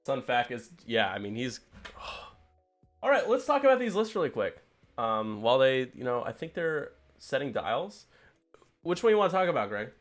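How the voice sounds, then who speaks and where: A man hosting a casual game stream, rambling and telling stories with quick impressions. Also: medium pitch, big pitch swings, faint music behind. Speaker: stream commentator and host.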